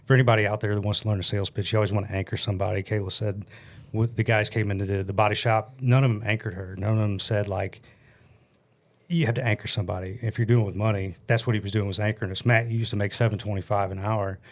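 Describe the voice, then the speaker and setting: A man in his forties from the United States, telling a story as a podcast guest in a blunt, animated way and swearing freely, into a studio mic. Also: fairly low pitch, fast talker. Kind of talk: casual storytelling chat. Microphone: studio mic on a stand.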